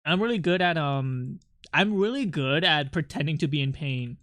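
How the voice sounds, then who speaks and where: Bright, dry-voiced joking streamer. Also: mid-range voice, expressive, moderate pace, no room sound. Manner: rambling and joking, swears a lot, laughs often. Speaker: art streamer chatting with viewers. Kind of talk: casual live-stream chat.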